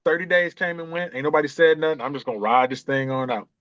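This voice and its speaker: A man's voice: a little high, fast talker, no room sound, dull audio. A man, a podcast guest telling a personal story in a conversational way and acting out the voices of the people in it. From Atlanta, USA. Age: 50s. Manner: animated storyteller who acts out quoted voices. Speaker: guest, author and chess coach.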